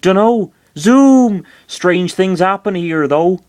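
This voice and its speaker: A man putting on a squeaky West Country creature. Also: lively intonation, slow, a little mellow. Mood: chirpy. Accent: put-on West Country. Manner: high chirpy singsong, clipped phrases. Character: babbling small male creature, cheerful, broken speech.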